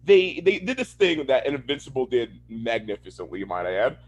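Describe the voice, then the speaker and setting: A man's voice: mid-range voice, very animated, moderate pace. A man co-hosting a podcast, ranting casually with lots of swearing and laughter. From Florida, USA. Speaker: podcast co-host. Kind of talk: casual chat.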